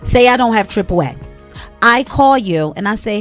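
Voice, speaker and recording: A woman's voice: mid-range voice, normal speed, faint music behind. A woman co-hosting a casual call-in radio talk show, emphatic and opinionated as she tells stories. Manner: emphatic, opinionated, animated storytelling. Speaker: radio co-host.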